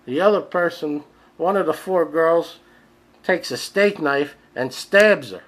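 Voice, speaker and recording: A man's voice: a little high, measured pace, rough recording. A man hosting a comedy podcast, ranting in disbelief about news stories, swearing freely and acting out the people he describes. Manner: incredulous, ranting, profane; acts out the people in his stories, rising to shouts. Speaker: podcast host. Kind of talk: comedic rant.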